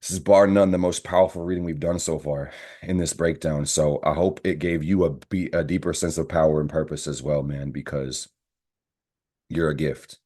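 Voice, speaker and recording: A young man giving a fired-up, profane tarot reading to his viewers, swinging from low, intimate talk into loud ranting outbursts. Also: steady tone, normal speed. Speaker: astrology and tarot reader. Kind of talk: tarot reading monologue to camera.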